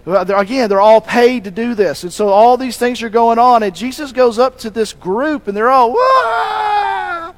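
High-voiced man preaching a conversational sermon. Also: normal speed, hardly any pauses, a little hiss or hum, low-quality recording. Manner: conversational, asks rhetorical questions; restarts and self-corrects mid-sentence.

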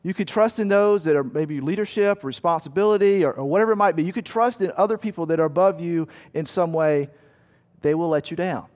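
Pastor, man, fairly high voice, earnest, emphatic, storytelling, long hall reverb. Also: a little fast, a little mellow. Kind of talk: sermon.

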